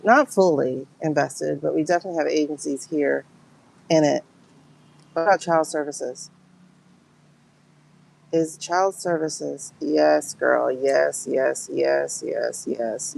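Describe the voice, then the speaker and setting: A woman's voice: sits low, steady tone, slow pace, creaky, a little mellow, poor audio. A woman giving a livestream tarot and pendulum reading, talking to her viewers in an emotional, exclaiming way.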